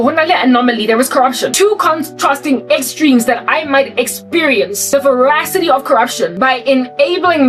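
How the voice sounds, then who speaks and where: South African woman, high pitch, animated preachy vlog rant, slightly distant mic, faint music bed. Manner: animated, preachy, repeats rhetorical questions. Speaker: Christian vlogger. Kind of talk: ranting satirical monologue to camera.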